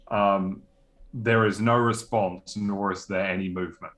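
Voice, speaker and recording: A man plays a tabletop game and reports his rolls in a dry, understated way. His voice sits low, and he speaks slowly. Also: fairly even intonation, a bit bright, low-quality recording. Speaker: player. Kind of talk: casual game chat.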